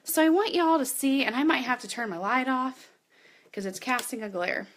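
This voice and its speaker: A woman's voice: high-pitched, expressive, moderate pace. A woman in her thirties running a live online training from her home office as a business coach, chatty and upbeat, talking straight to her viewers. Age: 30s.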